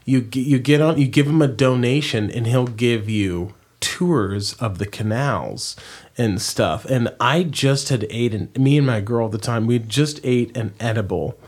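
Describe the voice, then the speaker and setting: A man's voice: medium pitch, measured pace, a little mellow, slightly rough. A young adult man telling a long story in casual chat, rambling, restarting sentences and swearing freely.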